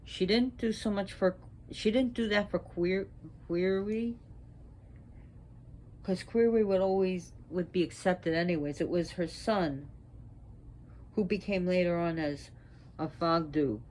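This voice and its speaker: A woman speaking as a priestess, sick and short of breath, talking in a slow, halting way with restarts. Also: fairly low pitch, a little mellow, a little hiss or hum. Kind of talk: spoken talk on mythology.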